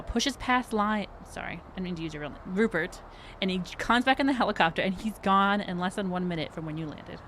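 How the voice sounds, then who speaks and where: A woman's voice: medium pitch, fairly bright tone, a little hiss or hum. A woman narrating a tabletop game as game master, casual and a little hesitant, with many fillers.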